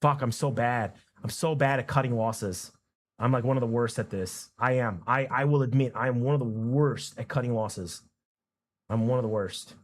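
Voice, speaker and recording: A man talking to himself while he trades options, muttering numbers and repeating phrases, then breaking into excited chants. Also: mid-range voice, normal speed. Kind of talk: casual live trading commentary.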